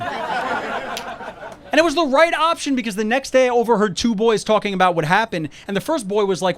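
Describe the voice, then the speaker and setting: A man's voice: sits high, sing-song, quick pace, a little hiss or hum. A male stand-up comedian from New York telling jokes in a conversational way and acting out talks with friends, recorded outdoors on a rooftop. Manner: conversational, acts out dialogue with friends.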